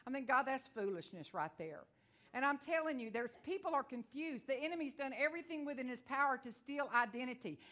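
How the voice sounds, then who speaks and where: Woman, Texan accent, preacher, fairly high voice, fervent folksy sermon, church service. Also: animated, brisk, a bit bright. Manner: fervent, folksy storytelling with calls of amen. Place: church service before a congregation.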